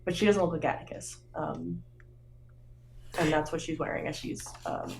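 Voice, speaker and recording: A woman's voice: deep voice, normal speed, gravelly, a little mellow, a little hiss or hum. A woman playing a tabletop game, describing actions hesitantly with many fillers. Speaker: player. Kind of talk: tabletop role-play.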